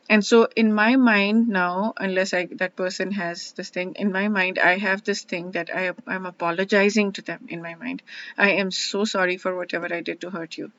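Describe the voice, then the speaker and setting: A woman hosting her own verse-by-verse study, talking earnestly and haltingly with many restarts as she reflects and explains. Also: mid-range voice, fairly bright tone, no echo. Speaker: host studying scripture one verse a day. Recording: dull lo-fi sound.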